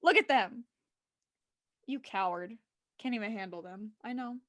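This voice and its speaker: A woman co-hosting a casual online show, talking excitedly and emotionally while she reacts to pictures and sighs often. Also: mid-range voice, measured pace, no echo, clean studio sound. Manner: gushing, emotional, exclaims and sighs. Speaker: co-host of a TV discussion show. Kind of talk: casual chat, reacting to photos.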